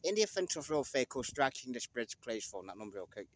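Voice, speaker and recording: A man's voice: mid-range voice, big pitch swings, fast. A man from England chatting and joking to the camera as he walks through town streets. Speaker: vlogger. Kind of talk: casual walking vlog narration.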